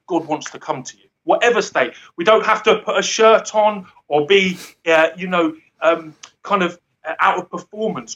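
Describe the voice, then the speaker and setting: A man's voice: high voice, fairly bright tone, muffled recording. A man giving an earnest, rambling devotional talk who often laughs at himself. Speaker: guest speaker.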